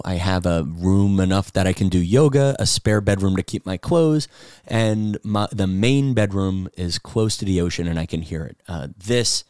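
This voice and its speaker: A middle-aged man, hosting a podcast and telling stories in a loose, animated monologue. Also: low-pitched, no echo, clean studio sound. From New York City. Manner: rambling, animated storytelling. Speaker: podcast host. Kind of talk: casual monologue.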